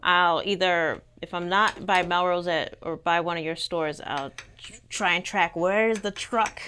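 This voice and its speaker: A woman's voice: lowish voice, unhurried, bright, forceful tone, a little hiss or hum. A woman hosting a casual interview, asking questions and laughing along with her guest. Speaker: podcast host.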